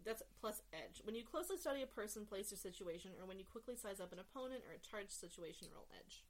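A woman's voice: medium pitch, expressive, fast talker. A woman narrating as game master of a tabletop game, rambling and full of fillers as she explains the rules.

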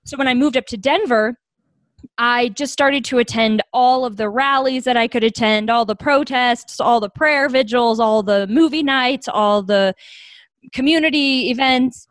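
A young woman with a fairly high voice recounts her experiences in a podcast interview. She talks earnestly and reflectively, and turns animated when she quotes other people. The sound is close and dry. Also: a little slow, dry recording. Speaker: guest, nonprofit founder.

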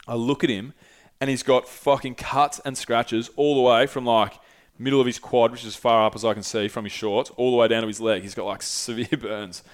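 A man's voice: mid-range voice, level tone, a little fast. A young man telling a long travel story in a loose, profane, filler-heavy way as a podcast host. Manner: profane, rambling anecdote with frequent fillers. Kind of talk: casual solo storytelling.

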